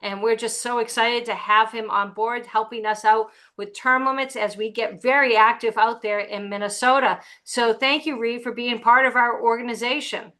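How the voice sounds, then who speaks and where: A woman's voice: on the high side, fairly even intonation, moderate pace, hardly any pauses, sharp tone. A woman hosting an interview, welcoming her guest in an eager, upbeat way. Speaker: interview host.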